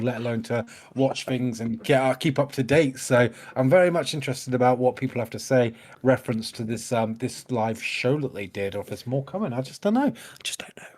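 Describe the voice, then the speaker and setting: A man in the middle of his pitch range co-hosts a casual music reaction video. He talks with friendly enthusiasm and keeps reaching for "like" and "mate" between thoughts. He is a husband and father chatting with his co-host. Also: a little mellow. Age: adult, a husband and father.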